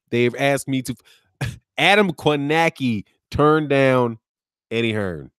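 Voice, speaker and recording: A man with a Midwest American accent hosts a boxing channel live stream, reacting to chat in an animated, mocking way, laughing often and tossing in "man" and "dog.". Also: mid-range voice, slow pace, clear, resonant tone, no room sound, studio quality.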